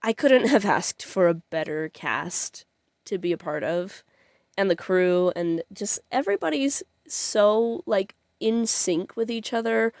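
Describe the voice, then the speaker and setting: A young woman vlogger with a lowish voice chats casually, rambling with fillers and giggling often, though at times she's tearful. The audio is studio quality with no room sound.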